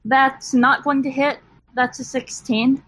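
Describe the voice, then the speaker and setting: A woman's voice: high voice, steady tone, slow pace, a bit bright, breathy edge, no echo, rough recording. A woman playing a tabletop game, speaking with careful, precise phrasing. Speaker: player. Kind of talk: casual tabletop game play.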